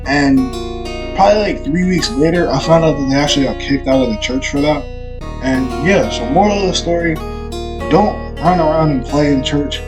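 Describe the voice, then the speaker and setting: A man casually telling a personal story time, rambling with lots of fillers and getting loud as the argument heats up. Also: fairly high pitch, normal speed, music in the background. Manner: rambling, many fillers like "like" and "you know"; grows loud and heated when retelling the argument. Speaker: YouTube storyteller.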